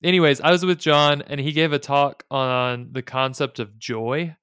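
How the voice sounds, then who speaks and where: Male podcast co-host, thirties, chatty and joking, crisp clear tone. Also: medium pitch, steady tone, fairly bright tone, dry recording, clean studio sound. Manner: chatty, quick asides and jokes. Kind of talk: casual chat.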